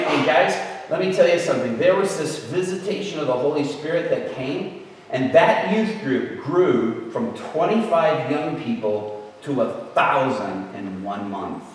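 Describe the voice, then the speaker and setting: A man preaching in a church, telling a humorous personal story in an animated way and shouting re-enacted lines. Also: mid-range voice, a little hiss or hum. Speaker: guest preacher. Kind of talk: sermon storytelling. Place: church sanctuary. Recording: echoey church hall, distant mic.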